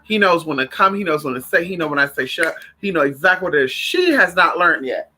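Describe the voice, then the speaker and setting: A vlogger talking straight to the camera in a loose, profane rant. The pitch jumps around a lot, and the voice has a bright, sharp edge. They keep breaking off mid-thought to call their dogs over. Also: fast, a little hiss or hum. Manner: animated, profane, talks to own dogs between remarks.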